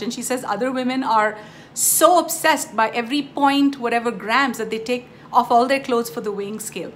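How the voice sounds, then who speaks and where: Speaking at a normal speed in a voice on the high side, this woman shares an informal spiritual lesson. She tells her stories with emphasis and addresses her audience directly as "you guys." A slight hiss or hum runs beneath the recording.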